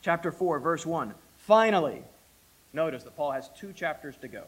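Emphatic preacher man, higher voice. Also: animated, moderate pace, husky, low-quality recording. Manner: emphatic, dynamic, self-deprecating asides. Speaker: pastor. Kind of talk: sermon.

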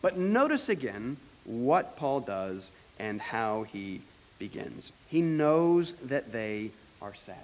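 A man preaching an earnest teaching sermon as pastor, slowing down to stress key points and letting his phrases trail off quietly. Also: mid-range voice, big pitch swings, long reverb tail. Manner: earnest teaching, slows for emphasis, trails off softly.

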